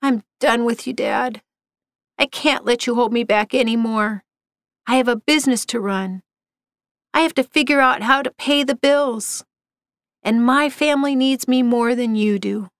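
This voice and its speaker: A woman's voice: a little high, measured pace, no room sound, clean studio sound. Woman narrator doing a fed-up adult son, storybook reading, plain voice. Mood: bitter.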